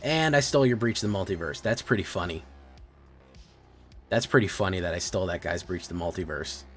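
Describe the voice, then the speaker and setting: Male streamer, low register, playful and teasing, chatty game commentary over soft music. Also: fairly quick. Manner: playful, teasing, talks to viewers. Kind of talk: casual gameplay commentary to chat.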